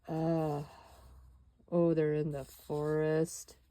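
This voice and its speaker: Slow, low-voiced woman reading tarot. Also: flat delivery, warm tone, dry recording. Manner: musing and dramatic, with exclamations and sighs. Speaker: tarot reader.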